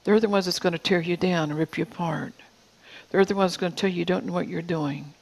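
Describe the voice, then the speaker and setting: Speaking a little fast in a steady, mid-range voice, a preacher aged fifty or older delivers a heartfelt sermon in church. Words get repeated and emphasis comes through sudden soft whispers, all captured in rough audio.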